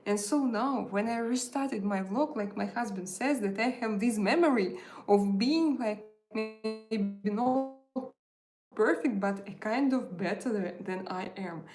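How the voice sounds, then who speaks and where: A woman's voice: mid-range voice, a little slow, a little mellow, soft background music. A woman hosting a casual live tarot stream, speaking hesitantly with many filler sounds and non-native phrasing. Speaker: tarot reader and channel host. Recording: roomy echo.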